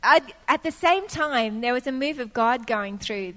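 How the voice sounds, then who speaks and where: A woman's voice: a little high, lively intonation, measured pace, pushed and bright, long reverb tail. A woman preaching a sermon, telling a personal story and acting out what her younger self said.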